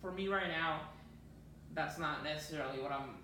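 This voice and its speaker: A man's voice: a little high, moderate pace, background noise. A man from Mexico, a stand-up comedian, chatting casually in an interview and often saying "man". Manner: laid-back, sprinkles in "man", acts out quoted bits. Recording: echoey room, distant mic.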